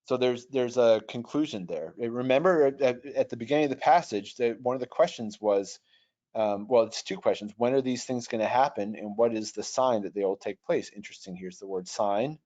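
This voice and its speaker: A man's voice: medium pitch, fairly quick, a little mellow. A man teaching Greek grammar in an online webinar, patient and thoughtful, often restarting his sentences. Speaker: online Bible software trainer. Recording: dull lo-fi webinar audio.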